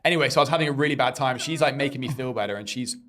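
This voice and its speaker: A young man talks fast on a casual podcast, piling on quoted back-and-forth as he tells a story. His pitch sits in a middle range and he rambles from one beat to the next. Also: slight background noise. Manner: rambling, animated retelling with quoted dialogue. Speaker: podcast co-host.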